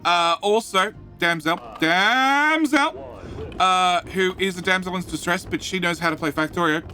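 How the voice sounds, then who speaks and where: A man hosting a live game stream, chatting with viewers in a jokey, excitable way and often repeating his words. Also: high voice, fairly quick, faint music behind.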